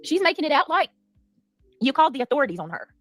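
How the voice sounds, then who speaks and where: A woman's voice: high-pitched, big pitch swings, fast, fairly bright tone, dry recording, faint music behind. A woman hosting a commentary livestream, talking in an indignant, defensive and emphatic way. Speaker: livestream host.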